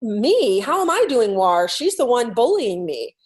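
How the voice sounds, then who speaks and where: A woman's voice: a little high, sing-song, measured pace. A woman voicing an eighth-grade boy as she retells a classroom story, speaking his words in a plain, earnest way. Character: young teen boy student, defensive but earnest.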